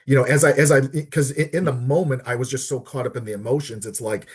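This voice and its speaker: A middle-aged man, a podcast guest, telling a personal story earnestly and haltingly, often repeating words as he searches for them. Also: medium pitch, steady tone, slightly rough. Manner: earnest, heartfelt. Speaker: podcast guest, disability advocate.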